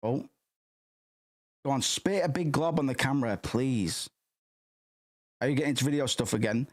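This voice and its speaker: A man's voice: medium pitch, normal speed. Profane, rambling male streamer. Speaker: livestream host. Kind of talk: casual stream chat.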